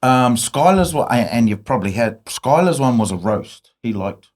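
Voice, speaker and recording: A man's voice: medium pitch, lively intonation, moderate pace, darkish tone. A man hosting a casual podcast interview, chatty and laughing easily. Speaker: podcast host.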